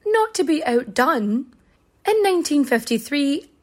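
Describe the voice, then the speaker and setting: A woman's voice: sits high, big pitch swings, measured pace. Sweary, sarcastic woman telling history. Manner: chatty with many filler words. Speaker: podcast host. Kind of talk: casual storytelling about history.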